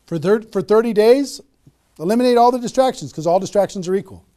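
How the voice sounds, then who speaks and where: A man with a noticeably high speaking voice delivers a sales training talk. He hammers home his points by repeating phrases and keeps checking in with his listeners. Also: expressive, fast talker, mellow. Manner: emphatic, repeats key phrases, frequent "okay?" check-ins. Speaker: network marketing trainer.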